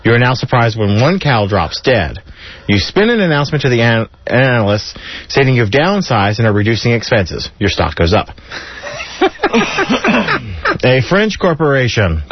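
A man's voice: mid-range voice, normal speed, long pauses, a little hiss or hum. A man hosting a community radio show, reading a list of jokes aloud and chuckling between them. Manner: chuckling, animated joke delivery. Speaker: radio host. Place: radio studio. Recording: dull lo-fi radio broadcast.

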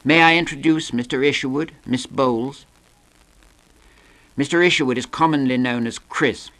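A man voicing a smug young charmer who drawls slowly with great self-satisfaction. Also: medium pitch, a bit bright, close to an everyday voice. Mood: drawling.

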